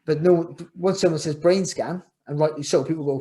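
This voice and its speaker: Middle-aged man, podcast guest, rambling and reflective, voice a touch high. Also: fairly even intonation, fairly quick, dark tone. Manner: rambling, repeats words and restarts often, reflective. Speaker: guest, former world champion boxer. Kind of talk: candid podcast interview.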